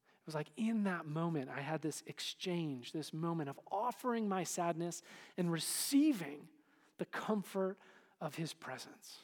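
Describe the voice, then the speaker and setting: A man preaching a sermon to a congregation in a relaxed, conversational way, full of fillers. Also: fairly high pitch, unhurried. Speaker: pastor. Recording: hall reverb.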